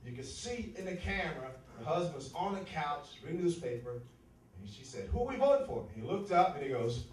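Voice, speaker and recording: A man from the United States doing a profane, animated stand-up set, recorded live in a comedy club with the audience behind him. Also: a little high, brisk, distant mic. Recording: echoey live club, crowd and noise. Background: laughing audience.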